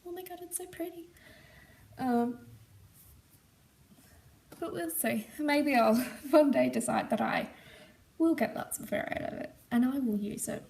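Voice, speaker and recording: Australian woman, knitting host, squeaky smoke-hoarse voice, higher pitch, unhurried, chatty. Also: big pitch swings, a little mellow, a little hiss or hum. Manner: gushing, enthusiastic, rambling with ums. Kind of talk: casual show-and-tell chat.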